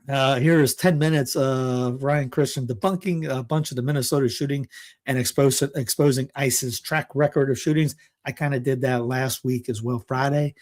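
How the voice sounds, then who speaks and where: A man from Toronto hosting a casual political commentary show, rambling and excitable, often restarting and laughing. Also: medium pitch. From Toronto, Canada. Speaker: podcast host.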